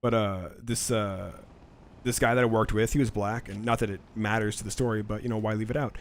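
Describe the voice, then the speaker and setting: A man's voice: fairly low pitch, fairly even intonation, a little fast. A man co-hosting a casual chat while playing a video game, telling long rambling stories and laughing often. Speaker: co-host.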